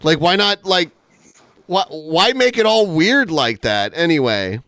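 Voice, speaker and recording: Male podcast host, mocking and laughing, slightly high voice, dry booth sound. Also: big pitch swings, a little slow, sharp tone, no room sound. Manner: mocking, laughs while reading out messages. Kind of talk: casual comedic commentary.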